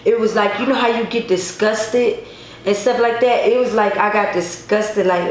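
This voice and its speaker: A woman's voice: medium pitch, steady tone, moderate pace. A woman vlogger telling a personal story to her viewers in a casual, emphatic way, with many repetitions. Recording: echoey room, faint noise.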